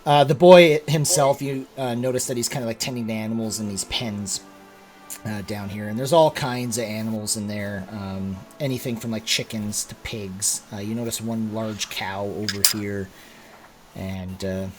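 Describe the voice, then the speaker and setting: A man's voice: lowish voice, fairly even intonation, normal speed, a little mellow, faint music behind. A man narrating as game master of a tabletop game, describing scenes casually, with many fillers.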